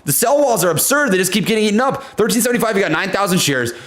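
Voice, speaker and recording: A young man hosting a live stock trading stream, giving excited market commentary and repeating himself as prices move. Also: sits high, rapid-fire, reverberant. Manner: hyped, shouts and laughs at price moves, repeats phrases. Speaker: stock trading livestream host. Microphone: desk studio mic.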